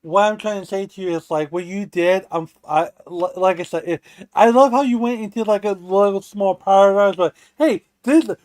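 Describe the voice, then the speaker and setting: A man's voice: high-pitched, fairly even intonation, normal speed, a little mellow, dry recording. A man co-hosting a livestream in casual chat, rambling with restarts and swearing while he builds his point. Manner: rambling, restarts and profane rants. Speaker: stream co-host.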